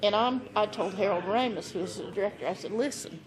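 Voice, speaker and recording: A woman guest on a podcast, telling a lively anecdote and acting out the scenes she describes, often breaking into laughter. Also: mid-range voice, quick pace, a crowd in the background. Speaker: podcast guest, animal wrangler. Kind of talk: casual storytelling.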